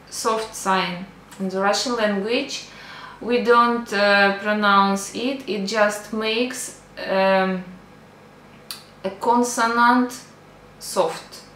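A woman teaching a language lesson, speaking deliberately, repeating each word and pausing with fillers. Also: medium pitch, a bit bright, slight background noise. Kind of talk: slow spoken lesson. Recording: echoey room with faint ambience.

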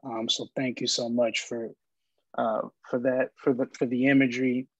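A man's voice: medium pitch, little pitch movement, normal speed, no echo. A man hosting a virtual poetry reading who thanks each poet with hesitant, filler-laden remarks. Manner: hesitant, many ums. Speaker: event host. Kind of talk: casual hosting. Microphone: video call. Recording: dry, dull lo-fi call audio.

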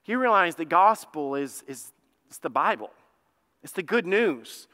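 A man, a pastor, telling a lively story in a sermon and acting out both sides of it. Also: a little high, unhurried, long reverb tail. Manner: animated, acts out both sides of his own story. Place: church sanctuary.

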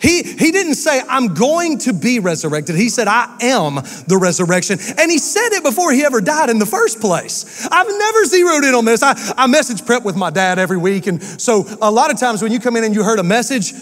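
A man, a pastor delivering an animated, emphatic sermon with quick asides. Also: very high-pitched, in a large hall. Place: church sanctuary.

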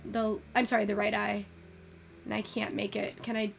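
A young woman giving casual, excitable commentary while taking in-game photos, swearing freely and gushing over what she sees. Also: mid-range voice, moderate pace, gravelly, faint music behind. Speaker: virtual photography creator.

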